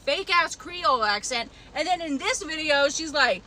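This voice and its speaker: A woman's voice: high-pitched, animated, fairly quick, few pauses, sharp tone, a little hiss or hum. A woman giving sarcastic, slangy celebrity-gossip commentary to camera. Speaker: commentary vlogger. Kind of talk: casual commentary.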